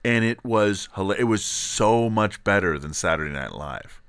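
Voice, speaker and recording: A podcast host tells a story in casual conversation, his fairly low voice expressive, resonant, clear and a bit bright at a normal speed. The studio sound is clean with no room sound.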